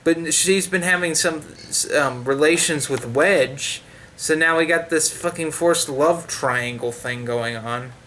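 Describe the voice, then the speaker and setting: A man's voice: on the high side, slow, a bit bright, a little hiss or hum. A man giving a sarcastic, profanity-heavy book review in a loose, rambling way, full of fillers and restarts. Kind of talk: ranting casual review.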